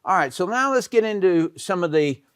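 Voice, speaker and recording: Smooth-voiced man explaining business models. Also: high voice, animated, moderate pace, dry recording, studio quality. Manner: conversational, with frequent "okay" and "all right" check-ins. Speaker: business educator. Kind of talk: explanatory talk over slides.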